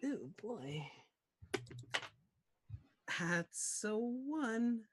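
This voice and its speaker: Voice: mid-range voice, sing-song, drawn-out words, slight background noise. A player in a tabletop game making wry, joking remarks. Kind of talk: casual game chat.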